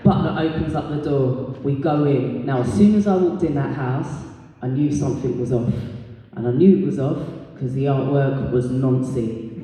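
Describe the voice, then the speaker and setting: A British woman doing a stand-up comedy set as the compere, telling stories in a brash, sweary way and jumping into high squeaky voices for quotes. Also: normal speed, dark tone. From Britain. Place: live comedy venue. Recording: echoey hall, distant mic.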